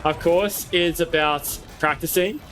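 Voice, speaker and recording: Young guy streaming games w his friends, kinda high voice, loud callouts, swears a lot, repeats himself when he argues. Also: unhurried. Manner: defensive, insistent repeating. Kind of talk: live gameplay commentary with friends.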